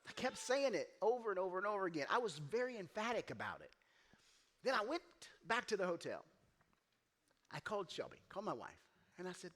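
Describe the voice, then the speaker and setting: A man with a high voice delivers a brisk sermon as pastor in a church. Animated as he tells a story, he performs the characters' voices and gets loud and emphatic.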